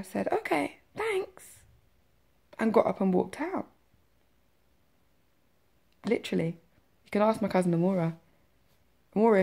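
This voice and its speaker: A woman's voice: fairly low pitch, creaky, dark tone, breathy edge. A woman vlogger telling her personal story to camera in a chatty, emphatic way, with many fillers and tag questions.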